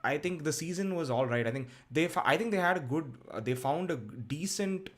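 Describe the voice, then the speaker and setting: A man's voice: on the high side, lively intonation, brisk. A man co-hosting a cricket podcast, talking casually with lots of fillers and restarts. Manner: hesitant, many fillers and restarts.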